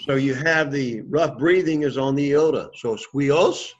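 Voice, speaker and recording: A man's voice: medium pitch, moderate pace, a little hiss or hum. A man teaching a Greek lesson, patiently leading the class to repeat words after him. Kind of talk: classroom lesson with call-and-response drills. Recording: dull lo-fi classroom recording.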